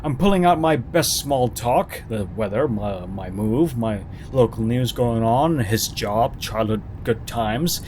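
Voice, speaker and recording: A man's voice: mid-range voice, lively intonation, slow pace, few pauses, darkish tone, slight background noise. A man reading a first-person horror story aloud, dramatic and sarcastic in his delivery. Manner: dramatic, sarcastic, swooping intonation.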